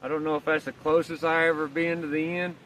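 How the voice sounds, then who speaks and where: Male vlogger, casual rambling yarn told outdoors, slightly raised pitch, recorded from a distance. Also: little pitch movement, fast, fairly bright tone. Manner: rambling, folksy, swears casually. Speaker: vlogger telling a story. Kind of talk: casual storytelling. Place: outdoors, walking with a dog. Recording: distant mic, faint outdoor noise.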